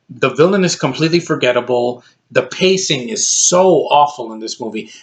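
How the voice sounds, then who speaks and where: A man's voice: mid-range voice, fairly bright tone. A man ranting casually about a film he dislikes, blunt and exasperated, rambling with frequent restarts. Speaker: movie reviewer.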